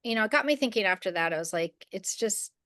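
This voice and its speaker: A middle-aged woman telling a story on a podcast, casual and rambling, with many restarts and fillers. Her voice is smooth and clear, recorded close and dry. She slips into the voices of the people she quotes. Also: mid-range voice, expressive, rapid-fire, a bit bright, no echo. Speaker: podcast co-host.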